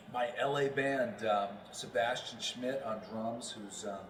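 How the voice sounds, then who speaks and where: A man's voice: mid-range voice, slow pace, a bit bright, a little hiss or hum. A man from New York, a voiceover actor, talking casually as an interview guest and rambling with many fillers. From New York, Long Island. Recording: roomy, distant mic.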